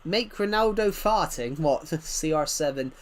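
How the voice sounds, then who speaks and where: A man's voice: on the high side, lively intonation, measured pace. A man in his twenties with a thick rural British accent, chatting casually and rambling to his chat as a game streamer. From United Kingdom. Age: 20s.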